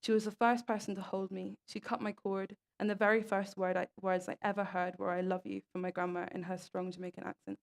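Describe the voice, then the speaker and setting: A young woman reads moving stories to an audience. Her delivery is earnest and fairly level in pitch, and her voice has a gravelly edge. She stumbles and restarts on a word from time to time. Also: flat delivery, a little fast, few pauses. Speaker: speaker at an event. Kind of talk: reading stories aloud in a talk.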